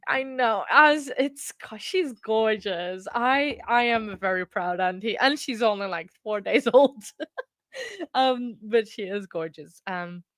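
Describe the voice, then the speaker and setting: A woman's voice: medium pitch, a bit bright, clear, resonant tone, no room sound. Young woman, Portuguese accent, bubbly livestream host with a dry, close sound. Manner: chatty and bubbly, thanking chat often. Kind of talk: casual livestream chat with viewers.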